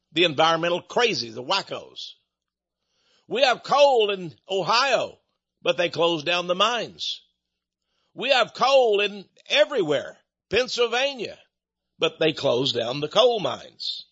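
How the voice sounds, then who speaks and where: An older man delivers a combative, sarcastic political rant and stumbles over repeated words. His voice is high and husky with a bright, tense edge, and the recording sounds dull and lo-fi. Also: sing-song, takes it slowly. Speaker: political commentator. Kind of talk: opinionated political monologue.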